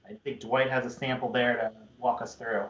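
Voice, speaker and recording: A man's voice: medium pitch, little pitch movement, normal speed, a bit bright, slight background noise. A man hosting a live stream product presentation, upbeat and chatty with many fillers. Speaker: toy brand host. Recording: muffled, roomy stream audio.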